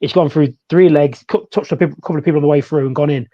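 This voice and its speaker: Guy chatting footy on a podcast, mellow and a bit high, kinda dull lo-fi sound. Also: fast talker. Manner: chatty, animated, laughs easily. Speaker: podcast co-host. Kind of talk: casual football chat.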